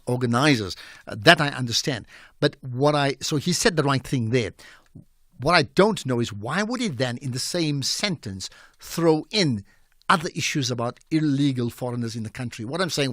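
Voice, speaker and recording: Radio host, emphatic and dry-sounding. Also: male voice, mid-range voice, a bit bright, dry recording. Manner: conversational, emphatic, repeats words while thinking. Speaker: radio talk show host. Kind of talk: talk radio commentary. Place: radio studio.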